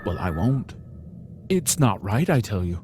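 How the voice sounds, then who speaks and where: A man's voice: on the low side, very animated, a little slow, noisy background. A man reading a story aloud in the first person, theatrically, with sudden whispered asides. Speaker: storybook reader.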